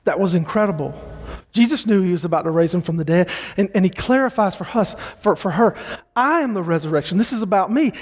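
A man preaching a sermon with passion, climbing to emphatic peaks and then slowing into soft, quiet pauses. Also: sits high, expressive, husky, in a large hall. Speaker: pastor.

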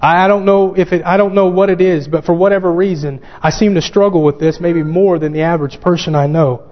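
A man preaching a sermon, fervent and growing excited as he quotes scripture. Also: high voice, fairly quick. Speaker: pastor. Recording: dull lo-fi sound with long hall reverb.

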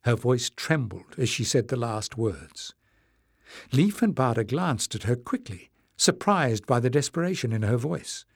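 A man narrating a fantasy audiobook in clear, even storytelling. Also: mid-range voice, measured pace, dry recording, clean studio sound. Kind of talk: scripted narration.

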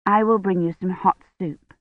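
A woman voicing a caring young woman who speaks gently and soothingly. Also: fairly low pitch, steady tone, moderate pace, dry recording, close to an everyday voice. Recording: dry, tinny phone-like sound.

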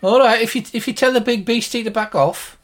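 A man voicing a shrill, indignant young female healer who refuses to hand out potions. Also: brisk. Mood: grudging.

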